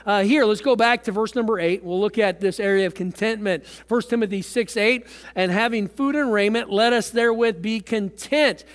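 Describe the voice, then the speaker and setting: A man preaching from the pulpit in a high voice, stumbling over his words and repeating them as he goes. His sermon rings out with the long reverb of a church hall. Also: clean tone. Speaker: pastor.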